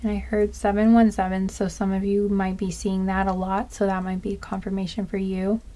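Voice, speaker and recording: A woman doing a slow, soft-spoken pick-a-card reading, listing charms one by one with small asides. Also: medium pitch, flat delivery. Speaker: tarot card reader.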